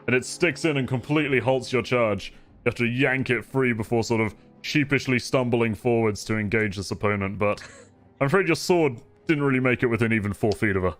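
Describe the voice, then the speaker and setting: A man at an average pitch narrates as game master, painting each scene in relaxed, vivid detail. Faint music sits underneath his voice. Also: fairly quick.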